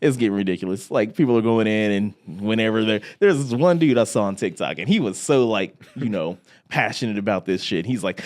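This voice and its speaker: A man's voice: on the low side, a little fast. A young man co-hosting a podcast, chatting casually, telling stories with lots of laughter and profanity. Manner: animated, laughing, profane storyteller. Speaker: podcast co-host. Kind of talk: casual chat.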